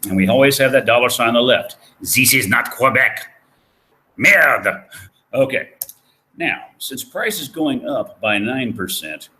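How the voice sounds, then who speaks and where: An economics professor gives a recorded lecture in a folksy, joking style, quizzing the class as he works through problems. His voice is fairly low and slightly bright, and the audio quality is poor.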